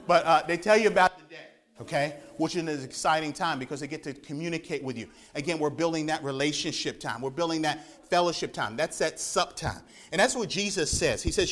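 A man preaching to his church in a fairly high voice for a man. He gets animated and stumbles over repeated words as he builds up a point. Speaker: pastor. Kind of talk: sermon.

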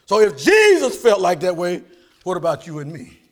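High, lively man. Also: normal speed. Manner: call-and-response preaching, asks "amen?" often, swings from soft to shouted. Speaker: pastor. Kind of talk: sermon.

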